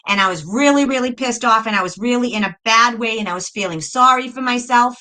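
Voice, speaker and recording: A woman's voice: on the high side, fairly quick, few pauses, pushed and bright, low-quality recording. A middle-aged woman tells a personal story in a casual, blunt monologue, swearing often and restarting her sentences. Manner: blunt, profane, repeats and restarts. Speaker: spiritual video host.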